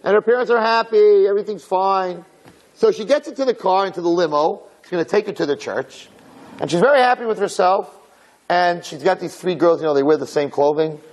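A man telling a religious story in a dramatic, animated way, acting out the characters. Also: high-pitched, brisk. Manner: lively, dramatic, acts out characters.

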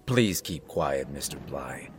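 A man voicing a hulking male asylum orderly who speaks calmly and professionally. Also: rumbling low, takes it slowly, a little hiss or hum, voice pushed down, heavily acted. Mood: calm, firm. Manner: calm, professional, mild.

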